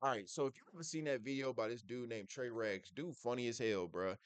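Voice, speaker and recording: A man reacting to a clip he has just played, trading his opinions in blunt, profane street slang. He keeps tacking "bruh" and "you know what I'm saying" onto his points. His voice sits at an ordinary pitch and sounds dry and close, with no room echo. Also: a little fast, clear, resonant tone. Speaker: reaction video host. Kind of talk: casual commentary reacting to a clip.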